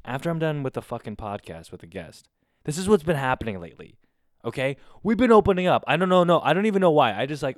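A man hosting his own podcast alone, chatting casually in a rambling, excitable way with a lot of swearing. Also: mid-range voice, dry recording, clean studio sound. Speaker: podcast host. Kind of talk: casual solo podcast chat. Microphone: close studio mic on camera.

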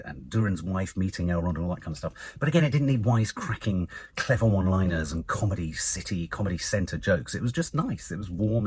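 A man with a husky, slightly rough voice reviews a TV episode in a loose, rambling way. His pitch swings widely as he gushes, swears freely and restarts his sentences. The recording is dry, with no room sound. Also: no room sound. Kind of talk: casual spoken review.

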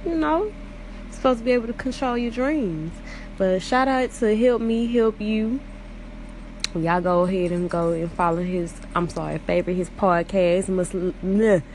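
A woman hosting a podcast, talking in a laid-back, slangy way and giving shout-outs to her callers. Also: medium pitch, moderate pace, a little hiss or hum. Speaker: podcast host. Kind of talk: casual chat.

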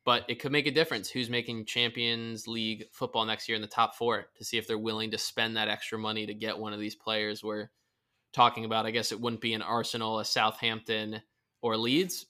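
Bright-voiced man hosting a sports podcast. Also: fairly low pitch, level tone, fairly quick, clean tone. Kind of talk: casual sports chat.

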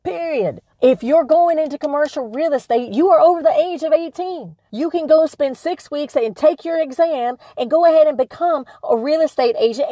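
An older woman hosting a podcast, talking in a passionate, blunt, emphatic way that gets loud at its peaks. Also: high voice, dry recording. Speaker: podcast host. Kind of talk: motivational podcast monologue.

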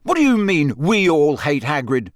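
Man voicing fiery teen boy wizard, loud, high, spitting anger; dry audiobook. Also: sing-song, normal speed, no room sound. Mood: angry. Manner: heated, raised and sharp. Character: angry teenage boy wizard, hot-tempered.

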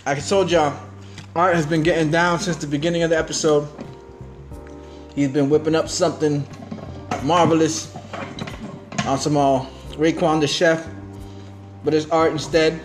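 A man's voice: a little high, little pitch movement, moderate pace, long pauses, music in the background. A man hosting a casual podcast, talking in a laid-back, slangy way with lots of fillers while eating. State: talking with his mouth full. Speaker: podcast host. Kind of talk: casual chat.

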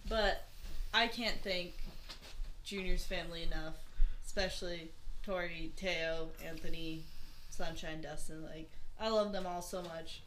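A woman's voice: lowish voice, fairly even intonation, a little slow, fairly bright tone, slight background noise. A young woman in her twenties talking casually and earnestly, with frequent giggles. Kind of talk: casual chat.

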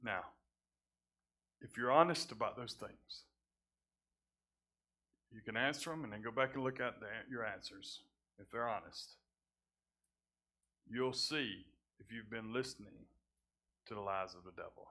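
A man preaching a sermon in a conversational way, often repeating words and dropping his voice low at times. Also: unhurried, pauses often, bright, forceful tone. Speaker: pastor. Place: church sanctuary.

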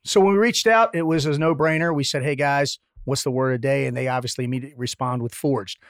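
A man's voice: medium pitch, fast talker, no room sound, studio quality. A middle-aged man co-hosting an interview podcast, joking bluntly and swearing freely in casual chat. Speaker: podcast co-host, former Navy SEAL.

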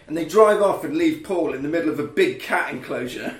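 Man, podcast co-host, slightly high voice, animated storyteller, casual swearing, echoey room, faint music. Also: brisk, few pauses. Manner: animated, shouts out quoted lines in put-on voices, swears freely. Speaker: podcast co-host recapping a film. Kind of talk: casual comedic chat.

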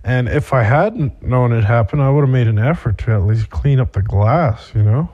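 Here a young podcast host tells a meandering personal tale full of swearing and filler words, casual storytelling style. He speaks at an ordinary pace in a mid-range voice, and the recording has its highs cut off.

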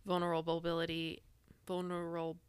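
A woman's voice: on the low side, monotone, normal speed, smooth, dry recording. A young woman co-hosting a podcast, chatting casually and rambling with lots of "like"s and restarts. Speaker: podcast co-host. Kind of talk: casual chat.

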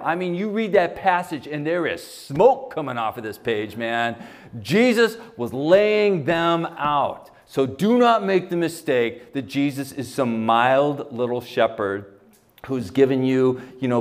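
Speaking at a moderate pace in a mid-range voice, this American pastor gives a conversational sermon. He shifts from loud, forceful statements to soft, hushed quotes.

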